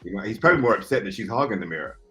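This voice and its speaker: A man answers fan questions at a signing, musing in a relaxed, easygoing way. His voice sits a little low. Faint music plays behind him. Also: rapid-fire. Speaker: voice actor at a fan autograph signing.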